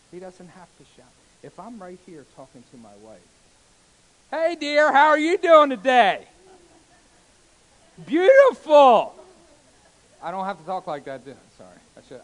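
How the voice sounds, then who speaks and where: A pastor with a medium-pitched voice preaches a sermon in a church sanctuary, swinging from loud exclamations to hushed, soft passages. He calls out "amen" and "hallelujah," and the audio quality is poor.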